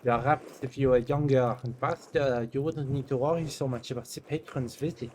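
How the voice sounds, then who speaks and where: Young guy streaming, chatty and playful, swears a bit, mid pitch, faint noise. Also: steady tone, moderate pace. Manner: playful, swearing, reacts with little gasps and laughs. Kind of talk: casual game commentary and reading dialogue aloud.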